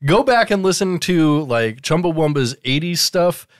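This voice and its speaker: This young man talks in emphatic bursts and swears a lot as he chats on a casual podcast. His voice sits a little higher than most men's, and the close mic keeps it dry. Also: lively intonation, normal speed, no echo. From Alaska. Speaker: podcast co-host.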